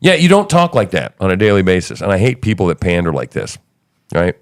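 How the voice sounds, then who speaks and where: Male podcast host, low register, crude joking banter. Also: huge pitch swings, fairly quick. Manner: profane, joking, wordplay. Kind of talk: casual political commentary.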